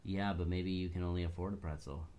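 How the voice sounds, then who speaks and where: A man's voice: sits low, steady tone, fast, dark tone. A man co-hosting a casual chat, mostly chiming in with short agreeing remarks. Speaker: podcast co-host.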